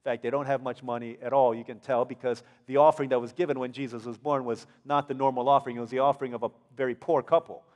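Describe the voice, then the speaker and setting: A man's voice: medium pitch, fairly even intonation, fast talker, hardly any pauses, a little mellow, dull audio. A male pastor with an American accent giving a conversational sermon, playfully acting out the people in the story. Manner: conversational, acts out characters in playful voices. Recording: long hall reverb.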